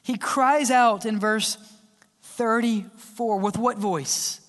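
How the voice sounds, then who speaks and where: A male pastor preaching a sermon, swinging between loud cries and hushed whispers. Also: sits high, steady tone, slow. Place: large church hall. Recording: long church-hall reverb.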